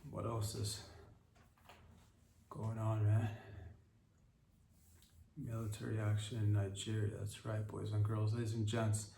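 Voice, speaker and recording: A man's voice: on the low side, little pitch movement, measured pace, gravelly, long pauses, dark tone, a little hiss or hum. Rambling man in a roomy room. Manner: rambling, profane, loses his train of thought. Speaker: podcast host. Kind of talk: casual comedic monologue. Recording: roomy, distant from mic.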